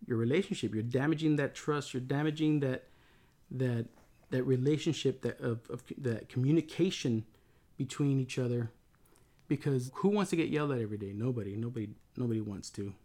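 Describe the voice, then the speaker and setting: A man's voice: medium pitch, mellow. A middle-aged man talking casually and reflectively about relationships, rambling with many restarts. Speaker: co-host talking with his wife.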